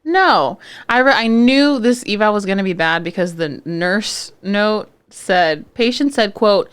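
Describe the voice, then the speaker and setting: A woman's voice: medium pitch, expressive, a little slow, clean tone. A young adult woman co-hosting a casual podcast, a hospital therapist telling blunt, profane stories about work. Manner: blunt, profane, chatty storytelling. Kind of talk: casual chat. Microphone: podcast studio mic.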